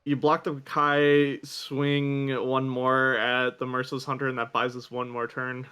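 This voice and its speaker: A man's voice: mid-range voice, completely flat delivery, unhurried, bright, forceful tone, clean tone. A man casting a live esports card game match, calling plays and hyping up the next game in a chatty way. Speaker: esports caster. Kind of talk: live play-by-play commentary.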